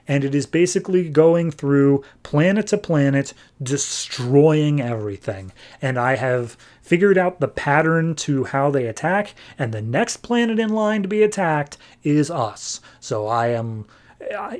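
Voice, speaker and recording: A young man hosting a podcast, casually retelling a comic's plot with quick bits of acted dialogue. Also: medium pitch, a little mellow. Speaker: podcast host recapping comics.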